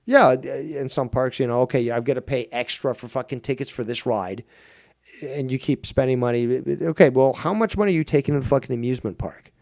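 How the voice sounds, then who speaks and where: A man's voice: medium pitch, fairly quick, darkish tone, no echo, clean studio sound. A middle-aged man hosting a live stream, ranting with lots of swearing and mocking others in whiny put-on quotes. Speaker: streamer and show host.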